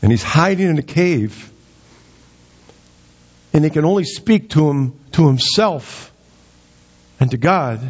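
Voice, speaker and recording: A man preaching a sermon as pastor, rising in pitch to act out quoted lines with dramatic emphasis. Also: expressive, slow pace, pauses often, slightly rough. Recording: dull, muffled sound.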